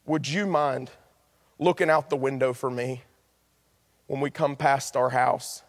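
Ashamed young ex-con voiced by a male preacher, earnest and pleading, high-pitched, long hall reverb. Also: expressive, unhurried, a bit bright, heavily acted. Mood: nervous, hushed. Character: ashamed young male ex-convict heading home.

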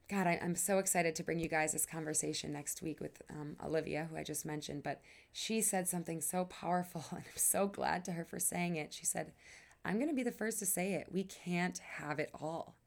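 Earnest podcast host, woman, gravelly low voice. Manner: earnest, emphatic, breathy sighs and soft dips in volume. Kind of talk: casual monologue.

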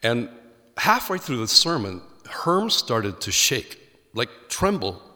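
Irish pastor preaching in a reverberant hall. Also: male voice, medium pitch, slow. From Ireland. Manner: animated storyteller acting out quoted voices. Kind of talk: sermon storytelling.

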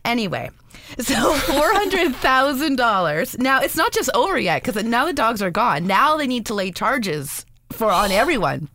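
Lively, animated woman podcast co-host. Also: on the high side, normal speed, dry recording. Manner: animated storytelling with mocking quoted voices. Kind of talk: casual chat.

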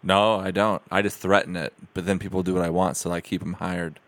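A man's voice: sits low, level tone, brisk, dry recording. A man co-hosting a crude comedy show, teasing and goofing around. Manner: goofy, teasing. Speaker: co-host.

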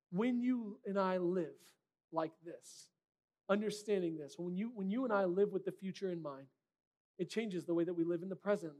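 A man's voice: sits high, mellow. A man preaching a sermon as a pastor, in a direct, conversational way with rhetorical questions.

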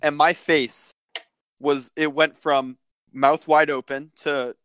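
Young man, slightly high, dry sound. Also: takes it slowly, clean tone, dry recording. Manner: excitable, jokey. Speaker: podcast co-host. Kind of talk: casual chat.

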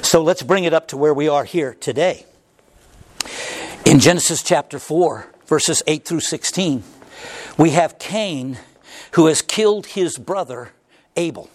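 A man preaching a sermon, swinging from hushed passages to loud, impassioned cries at the climaxes. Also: animated, a little slow, pauses often. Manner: preaching with dramatic swings in pitch, crying out at climaxes. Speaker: pastor.

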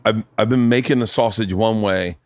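Profane, animated man hosting a podcast. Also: lowish voice, moderate pace, no echo, clean studio sound. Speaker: podcast host. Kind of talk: casual chat. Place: home studio.

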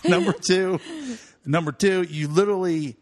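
Guy on a podcast, kinda high voice, cracking jokes and laughing, casual chat. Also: a little slow. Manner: joking, laughs often, puts on voices in stories. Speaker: podcast co-host.

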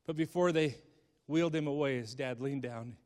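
A man's voice: medium pitch, normal speed. Impassioned man telling a story in a hall. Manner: dramatic, swings from hushed to impassioned. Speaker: speaker. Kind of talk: emotional storytelling sermon.

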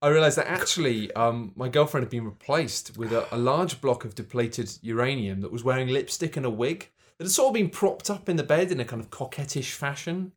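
A man co-hosting a comedy podcast, telling absurd stories in a deadpan, rambling way with many restarts. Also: mid-range voice, a little fast, hardly any pauses. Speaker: podcast co-host.

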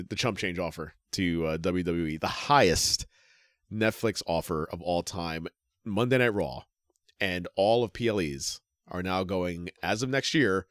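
A man's voice: sits low, no echo, studio quality. A man co-hosting a casual wrestling podcast, reading out news with lots of "uh"s and jokes. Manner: reads news aloud with fillers and jokes. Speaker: podcast co-host.

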